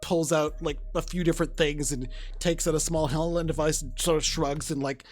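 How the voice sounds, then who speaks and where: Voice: mid-range voice, steady tone, moderate pace. A player narrating a character's actions in a tabletop game, casual and laughing often, with many fillers.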